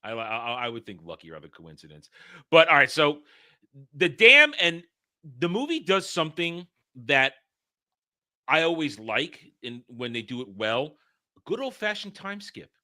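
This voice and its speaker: A man co-hosting a casual film discussion, excitable, tripping over his words and acting out movie lines. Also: mid-range voice, a little slow. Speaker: podcast co-host.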